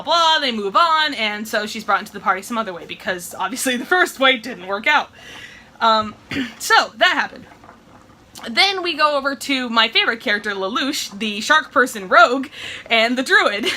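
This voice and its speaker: A woman's voice: on the high side, expressive, pushed and bright, a little hiss or hum. A young woman with a Midwestern accent, chatting in a rambling, giggly way while she cooks. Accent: Midwestern American. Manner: rambling, giggly, fast storytelling. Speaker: vlogger. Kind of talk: casual vlog chat while cooking.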